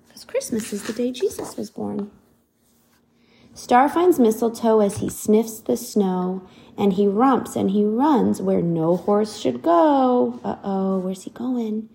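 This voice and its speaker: Animated woman reading a picture book. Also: medium pitch, gravelly. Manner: animated, asks the child questions. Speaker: reader to a child.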